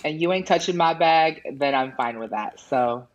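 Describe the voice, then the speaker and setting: A man's voice: moderate pace, highs cut off, a loud crowd. A man who is a guest on a casual podcast, telling stories with lots of acted-out quotes, swearing casually. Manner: animated storyteller, acts out quotes in high voices.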